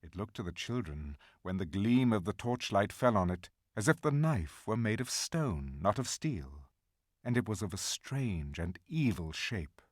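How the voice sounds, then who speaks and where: A man narrating a fantasy audiobook in a measured, dramatic storytelling manner. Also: lowish voice, sing-song, dry recording, clean studio sound.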